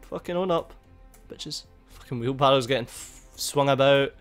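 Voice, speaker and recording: A man giving casual, excitable gameplay commentary, swearing a lot and laughing at the game. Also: mid-range voice, normal speed. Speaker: gaming YouTuber. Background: faint game music.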